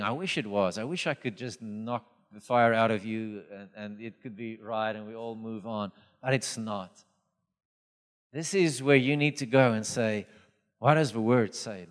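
A man preaches in a lively, storytelling way and acts out the voices in his stories. His voice sits in the middle range for a man. It rings with the long reverb of a large hall. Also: medium pitch. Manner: animated storytelling, acts out dialogue. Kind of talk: sermon.

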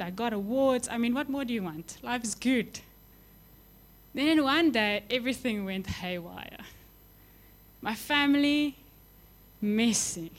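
A young woman delivering a sermon with fervent, swelling emphasis that falls back into hushed, tender lines. Her voice sits a little higher than most. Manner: impassioned, rising to emphatic peaks then dropping soft. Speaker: preacher.

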